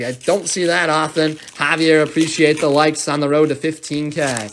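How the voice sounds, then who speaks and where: Young male card-break host, fairly high voice, upbeat and quick to call names, wrapper crinkle behind. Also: little pitch movement, fairly bright tone, a little hiss or hum. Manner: upbeat, rattles off player names, thanks viewers. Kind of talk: live card break commentary.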